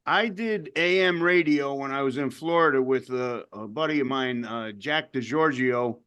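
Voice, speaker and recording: A man's voice: medium pitch, moderate pace, a bit bright, smooth, lo-fi sound. A man hosting an interview show, talking in a laid-back, easygoing way. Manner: laid-back, laughs easily. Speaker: host. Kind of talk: casual interview chat.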